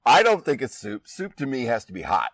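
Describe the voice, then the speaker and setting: A man's voice: mid-range voice, wildly swooping pitch, fairly quick, dry recording, far from the mic, low-quality recording. A man from Iowa hosting a podcast, chatting casually and laughing easily, recorded outdoors in a backyard. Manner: laid-back, laughing, chatty. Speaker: podcast host. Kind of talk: casual chat.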